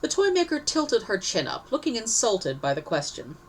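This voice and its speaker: A woman's voice: a little high, huge pitch swings, normal speed, a little hiss or hum, rough recording. A woman narrating a story aloud, reading expressively and correcting herself now and then. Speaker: story reader.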